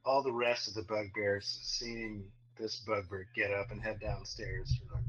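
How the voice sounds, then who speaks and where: A man's voice: lowish voice, flat delivery, measured pace, hardly any pauses, a bit bright, slightly rough, muffled recording. A man playing a tabletop game, talking in a laid-back way as he lays out plans. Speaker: player. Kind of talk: casual tabletop role-play.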